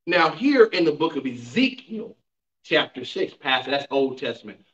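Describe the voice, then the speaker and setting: This time his pitch is medium with big swings, his tone fairly bright, and his pace moderate. Teaching a Bible class in the church sanctuary, the pastor preaches emphatically, using call-and-response and rhetorical questions. The distant microphone gives a roomy, dull sound.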